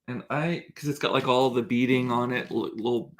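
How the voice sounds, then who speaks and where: A man's voice: mid-range voice, steady tone, moderate pace. Chatty rambling man vlogging. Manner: chatty, rambling, with many fillers and self-corrections. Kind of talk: casual storytelling vlog.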